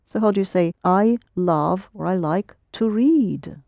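Lady teacher going through russian drills, slow and patient, mellow dry voice. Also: mid-range voice, vocal fry, no echo, highs cut off. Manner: patient, corrects pronunciation closely. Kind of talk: language lesson.

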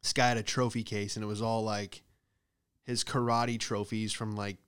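Profane man ranting in a smooth voice. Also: lowish voice, moderate pace. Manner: profane, animated storytelling with loud acted outbursts. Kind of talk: rambling comedic monologue.

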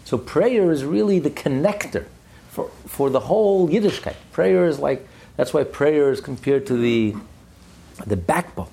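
A man teaching a study class with a gravelly, slightly husky voice. His pitch swings widely as he builds each point. He stresses ideas by repeating them. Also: a little slow. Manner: animated, emphatic, repeats phrases for stress.

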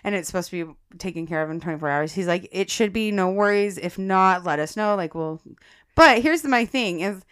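In casual podcast chat, a co-host tells a personal story in a fairly low, clean-toned voice at a slightly fast clip. She's animated throughout, laughs often, and keeps calling her listeners "guys."

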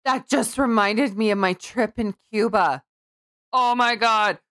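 A female podcast co-host telling a story in a casual, animated way, with laughter breaking in often. Her voice is fairly high and sits dry and close. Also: measured pace, dry recording. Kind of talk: casual comedic chat.

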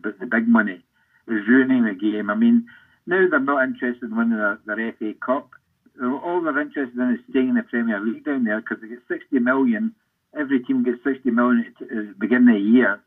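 Husky Scottish old footballer on a tinny line. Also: male voice, mid-range voice, fairly quick. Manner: rambling anecdotal, self-interrupting. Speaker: former footballer guest. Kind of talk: storytelling interview.

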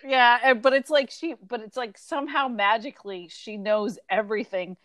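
A woman's voice: fairly high pitch, steady tone, moderate pace, a bit bright, no echo. A woman co-hosting a casual book discussion, thoughtful, asking questions and reading out her notes. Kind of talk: casual chat.

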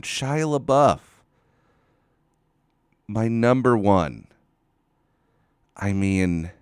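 A man's voice: lowish voice, smooth, no room sound, clean studio sound. A man hosting a casual solo podcast, ranting with exasperation, swearing and rambling into a microphone. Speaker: podcast host. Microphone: studio microphone.

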